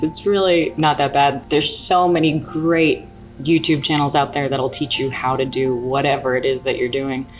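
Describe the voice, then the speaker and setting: A woman in her thirties, a sailing show host, telling boating mishaps in an animated, self-mocking way. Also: low-pitched. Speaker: sailing YouTube host and captain. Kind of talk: storytelling interview chat.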